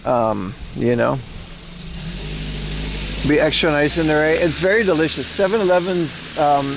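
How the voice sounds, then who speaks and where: Slightly high and a bit slow, this Dutch livestream host chats casually outdoors against a noisy background. He walks through a rainy mountain town, rambling, talkative and laughing often.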